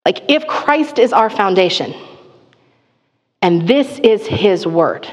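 A woman's voice: mid-range voice, lively intonation, slow pace. Chatty woman preaching in a reverberant hall. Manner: candid and chatty, frequent "like" fillers, self-deprecating asides. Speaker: preacher teaching a Psalm. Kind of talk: conversational sermon. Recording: long reverb of a large hall.

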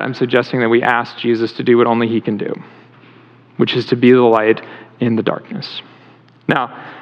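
A male pastor giving a conversational sermon in a church, asking the congregation questions as he goes. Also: medium pitch. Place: church sanctuary. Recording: reverberant hall, dull lo-fi sound.

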